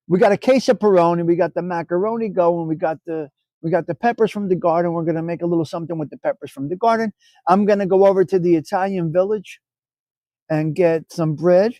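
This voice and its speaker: A middle-aged man hosts a live stream in loose, foul-mouthed banter with his chat. His voice sits a little high for a man yet sounds mellow and relaxed. The sound is dry and close, with no room around it. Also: no room sound. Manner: loose, profane, joking banter. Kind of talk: casual chat with live chat viewers.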